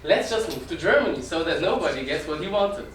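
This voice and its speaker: Guy doing a loud russian-accent dad, higher pitched, echoey and far off. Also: animated, brisk, slight background noise. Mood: emphatic. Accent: heavy Russian. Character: Russian-accented father, loud and matter-of-fact. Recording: roomy, distant mic.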